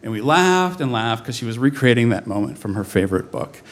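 A man in his forties telling a comic personal story on stage, with a lively, animated delivery. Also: medium pitch, fairly quick. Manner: comic, animated, mimics voices in quotes. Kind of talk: live storytelling performance. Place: stage before an audience.

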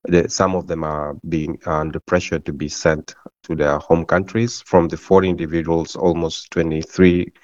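A man's voice: very deep voice, flat delivery, normal speed, darkish tone, dry recording. A man giving a remote interview as a legal advocate, speaking hesitantly with many ums and uhs, over a dull lo-fi line.

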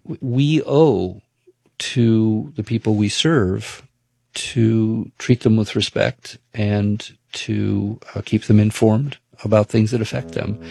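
A man's voice: fairly low pitch, gravelly, darkish tone, no echo. A man in his seventies, a city council member, plainly and indignantly recounting events in an interview. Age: 70s. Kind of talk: interview recollection.

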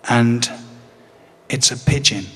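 A man's voice: mid-range voice, takes it slowly, sharp tone, slightly rough. A middle-aged English man telling a personal story in a rambling, wry way, with comic asides, recorded with a long hall reverb. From England. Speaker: touring performer.

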